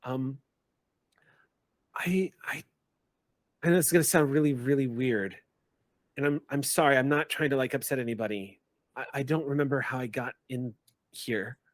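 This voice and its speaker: A man's voice: mid-range voice, moderate pace, long pauses, dry recording, close to an everyday voice. A man voicing a flustered, apologetic young woman student who stammers and repeats words.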